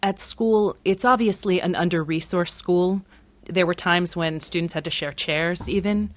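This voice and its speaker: A woman who directed a documentary, giving measured, thoughtful answers in an interview. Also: lowish voice, no echo.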